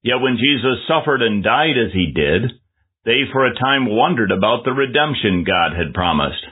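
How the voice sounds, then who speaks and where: A man preaching a measured, earnest sermon with scripture reading. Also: mid-range voice, expressive, slightly rough. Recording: tinny phone-like lo-fi audio.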